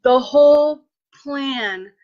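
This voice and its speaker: A woman telling a personal story in a lively way, acting out what people said and turning earnest when she speaks of faith. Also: sits high, drawn-out words, lo-fi sound. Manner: animated, acts out quoted dialogue. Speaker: vlogger sharing a personal testimony.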